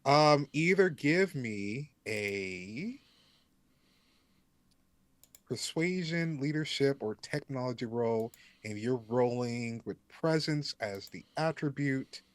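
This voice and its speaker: A man narrating a tabletop role-playing game as game master, pausing often with ums as he thinks. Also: mid-range voice, animated, no room sound. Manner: slow, hesitant, many ums.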